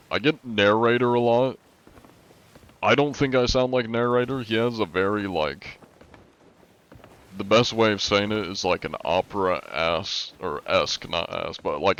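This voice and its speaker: Low monotone raspy man, muffled. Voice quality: raspy-ish, not smooth. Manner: monotone, heavy on filler words. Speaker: streamer. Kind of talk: casual live-stream chat.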